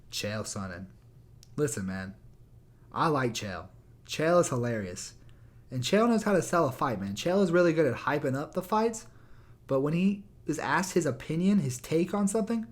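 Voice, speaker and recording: A young man on his own microphone, ranting in a heated, sarcastic way with lots of swearing. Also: mid-range voice. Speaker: YouTuber. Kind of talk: profane rant. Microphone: new microphone.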